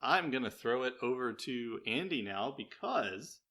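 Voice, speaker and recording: Bright, teasing man on a podcast. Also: medium pitch, expressive, unhurried. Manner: joking, teasing. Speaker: podcast co-host. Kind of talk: casual chat.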